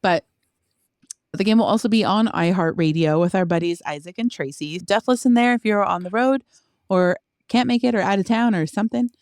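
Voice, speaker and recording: A young woman co-hosting a casual podcast, animated and laughing often as she chats. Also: medium pitch, fairly quick, no echo, studio quality. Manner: excitable, laughs a lot, animated disbelief. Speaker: podcast co-host. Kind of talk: casual chat.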